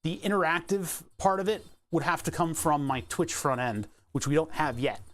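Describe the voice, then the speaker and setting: A man with a slightly raised pitch chats casually on a live stream. He thinks aloud, rambles from idea to idea and laughs often. He keeps talking while he pedals an exercise bike. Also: normal speed, a bit bright. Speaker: Twitch streamer.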